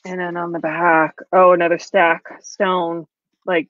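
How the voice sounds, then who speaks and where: A woman's voice: on the low side, flat delivery, unhurried, a bit bright, dry recording. A woman co-hosting a craft show, showing products casually and gushing with gasps and lots of fillers. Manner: gushing, gasping, many fillers. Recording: slightly dull, dry sound.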